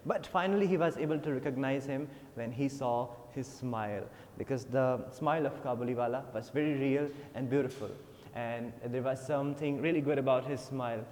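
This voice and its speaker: A man's voice: medium pitch, a little fast, darkish tone, a little hiss or hum. A man with an Indian English accent, teaching an English class by reading a story aloud and then retelling it with many fillers. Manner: reads passages, then paraphrases with many fillers. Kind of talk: explaining a textbook story. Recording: long reverb.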